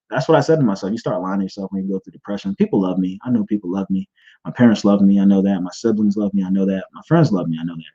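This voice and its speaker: A man's voice: mid-range voice, darkish tone. Earnest rambling man, muffled lo-fi. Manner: earnest, rambling, many restarts. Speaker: podcast host. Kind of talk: personal testimony. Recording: dull lo-fi sound.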